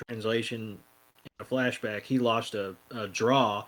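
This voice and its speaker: A man's voice: lowish voice, steady tone, a little slow, fairly bright tone, low-quality recording. A man co-hosting a podcast, recapping an episode in a laid-back way with many ums and some swearing. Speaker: podcast co-host. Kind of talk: casual recap chat.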